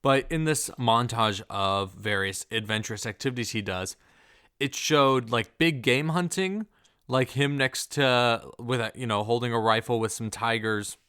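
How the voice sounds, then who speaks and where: A man's voice: medium pitch, a little slow, sharp tone, smooth. A man casually reviewing a film, rambling with many fillers and puzzled rhetorical questions. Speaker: movie reviewer.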